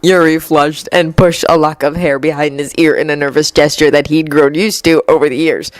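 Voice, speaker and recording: A woman's voice: low voice, steady tone, moderate pace, no echo, rough recording. Woman steadily reading a story. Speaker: reader. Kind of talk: storybook narration of fan fiction.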